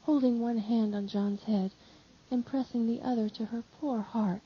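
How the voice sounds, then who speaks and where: A woman reading a devotional text aloud in measured, solemn narration. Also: on the high side, steady tone, husky. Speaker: audiobook reader. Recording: slightly dull lo-fi audio.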